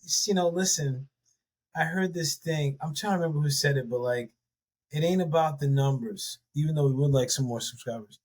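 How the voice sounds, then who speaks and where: A man's voice: on the high side, a little fast, darkish tone, husky. A man co-hosting a podcast, talking loosely with many fillers and restarts. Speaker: podcast co-host. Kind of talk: casual podcast conversation.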